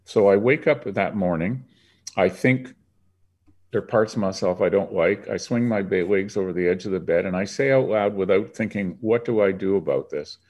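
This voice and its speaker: Speaking at a normal pace as an interview guest, an older man from Canada shares his story earnestly and thoughtfully. His voice is very low and a little mellow.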